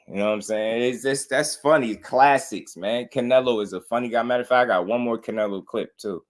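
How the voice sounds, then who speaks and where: A young man hosting a casual boxing commentary livestream, talking in slangy, laid-back banter, laughing often and giving shout-outs to chat. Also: mid-range voice, brisk, few pauses. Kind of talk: casual live-stream commentary.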